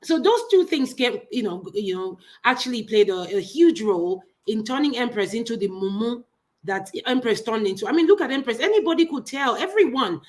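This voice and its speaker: A woman's voice: a little high, expressive, a little fast. A woman with a Nigerian accent, co-hosting a casual gossip chat, talking emphatically and mockingly and repeating words. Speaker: co-host.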